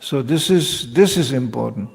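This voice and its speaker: A man giving a devotional lecture as a spiritual teacher, lively and joking, often acting out other people's voices. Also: medium pitch, moderate pace, creaky, in a large hall.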